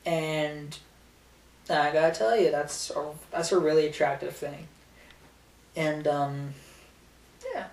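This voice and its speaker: A man's voice: on the high side, slow pace, pauses often, darkish tone. A man hosting a casual top-ten video, rambling with lots of fillers and giggles as he talks through his picks. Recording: roomy, distant from mic.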